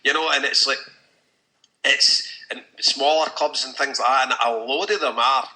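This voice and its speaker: A man's voice: mid-range voice, steady tone, moderate pace, bright, forceful tone, low-quality recording. A Scottish man on a podcast, talking bluntly and with strong opinions in casual chat. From Scotland. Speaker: podcast host. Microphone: podcast mic.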